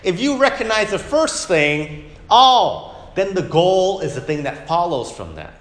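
A man's voice: sits high, a little slow, roomy sound. A man who is a parent of young children, teaching a conversational Sunday school Bible lesson, often asking "right?" and acting out quotes. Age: adult, parent of young kids. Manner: animated, keeps asking "right?", acts out quotes. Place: church classroom.

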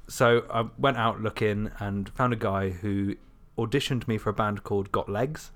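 A man's voice: lowish voice, fairly even intonation, measured pace, few pauses. A man co-hosting a podcast, chatting casually and jokily and laughing often. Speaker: podcast co-host and musician. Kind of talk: casual chat.

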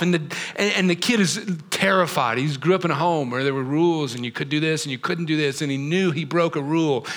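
A man's voice: on the high side, a bit bright. A middle-aged man preaching to his congregation, chatty and drawing them in with questions. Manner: conversational, drawing the crowd in with questions. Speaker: pastor. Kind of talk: sermon. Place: theater used as a church.

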